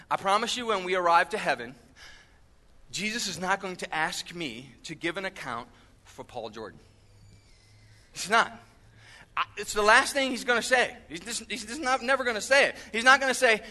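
A man's voice: sits high, lively intonation, moderate pace, pushed and bright. A man preaching a sermon to his church in a conversational way, full of asides and rhetorical questions. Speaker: pastor.

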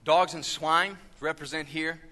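A man's voice: on the high side, fairly even intonation, unhurried, sharp tone. A man preaching a sermon to his church in a conversational way, full of asides and rhetorical questions. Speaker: pastor.

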